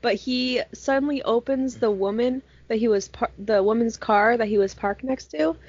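A young woman chatting casually with friends and telling an animated story, swearing freely. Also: a little high, normal speed, husky, no echo. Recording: muffled lo-fi sound, dry.

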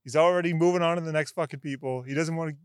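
A young male podcast host tells a story casually, swearing freely and getting animated. His voice sits fairly high. The sound is dry and close. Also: rapid-fire, smooth, dry recording. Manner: animated, profane, swings into excited shouts.

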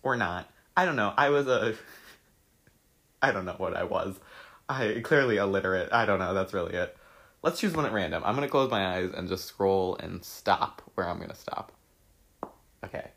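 A deep-voiced young man, speaking at a moderate pace, laughs and swears his way through his own old social media posts. The talk is a casual chat marked by excitable reactions.

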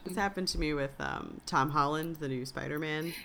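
A woman chatting casually about actors, telling stories in a lively way with laughter. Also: deep voice, moderate pace, gravelly, a little hiss or hum.

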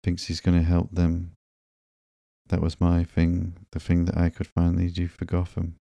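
A man reading the lines of a sarcastic young woman antihero in a low-key, barely changed voice for a sleepy comic book reading. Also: monotone, moderate pace, creaky, mellow, no echo. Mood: glum.

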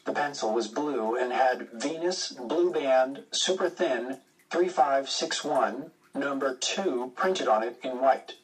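A man reading a first-person adventure story aloud, with steady, measured narration. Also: mid-range voice, recorded from a distance, poor audio. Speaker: audiobook narrator.

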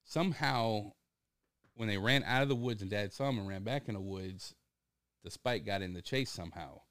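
A man's voice: normal speed, dry recording, studio quality. A man, telling a hunting story in a casual chat and acting out the people he quotes. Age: 30s. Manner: animated storyteller, acts out quotes with big pitch jumps, laughs often.

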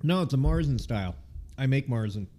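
A man's voice: medium pitch, animated, a little fast, mellow. A man co-hosting a casual podcast, chatting and joking while he tastes beer, laughing often and swearing offhandedly. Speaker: podcast co-host.

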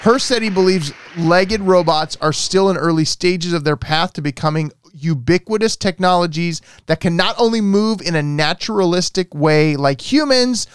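High-voiced man hosting a casual chat. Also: normal speed, hardly any pauses, clean tone, no echo. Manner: animated, leads the topics. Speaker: podcast host.

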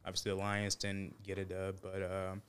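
A man with a lowish, crisp voice talks through his week at an easy pace. His tone is bright and clear as he leans on fillers. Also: normal speed. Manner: relaxed, filler-heavy recap. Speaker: podcast co-host. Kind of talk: casual chat.

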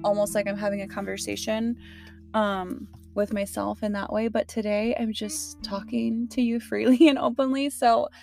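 A young woman hosting her podcast from her car, talking casually and emotionally with lots of fillers. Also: mid-range voice. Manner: chatty, emotional, many fillers and laughs. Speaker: podcast host. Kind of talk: casual heartfelt podcast talk.

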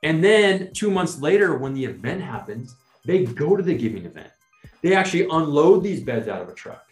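A man co-hosting a podcast, explaining his point in a lively, persuasive way and often adding "right?". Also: fairly high pitch, moderate pace. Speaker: podcast co-host. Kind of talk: casual conversational explaining. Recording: roomy sound with faint music.

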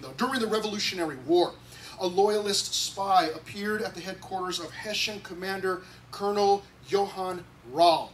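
A pastor with a high, fairly bright voice preaches a conversational sermon to his church congregation, sometimes acting out quoted voices. The distant mic picks up faint noise.

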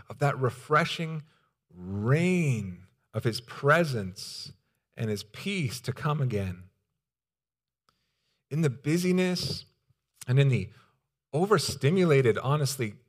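A young man preaching a sermon as pastor, earnest and pleading, with pauses and restarts. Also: on the high side, a bit bright.

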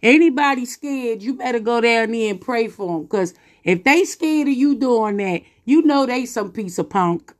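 Female podcast preacher, somewhat high voice, scolding and emphatic delivery. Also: lively intonation. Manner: emphatic, scolding, with drawn-out exclamations and laughs. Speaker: Christian podcast host. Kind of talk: preaching monologue.

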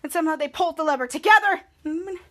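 A woman's voice: extremely high pitch, fast talker, a bit bright. A woman podcast host narrating a TV episode recap in breathless play-by-play, quoting characters' lines.

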